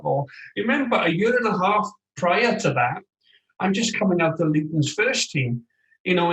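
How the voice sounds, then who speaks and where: A man in his forties, a former footballer, telling stories as a guest in a casual interview, animated and quick to act out what others said. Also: fairly high pitch. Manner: animated, tells stories with lively quoted voices. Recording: roomy echoey room sound.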